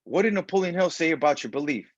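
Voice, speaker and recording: A man giving a motivational self-help talk in a preachy, animated way, acting out the voices of people he quotes. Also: a little high, fast talker, dry recording. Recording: dull lo-fi sound.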